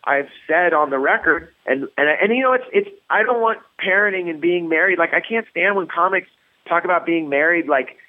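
A man's voice: high voice, fairly quick. Man on a tinny phone line. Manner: rambling storyteller with many restarts. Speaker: comedian guest. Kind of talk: casual interview chat.

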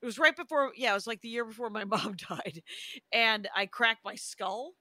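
A woman's voice: a little high, moderate pace, pushed and bright, no echo. A middle-aged woman from Wisconsin, co-hosting a podcast and telling chatty stories with frequent laughs and restarts. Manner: storytelling, laughs often, restarts sentences. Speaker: podcast co-host. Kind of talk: casual chat.

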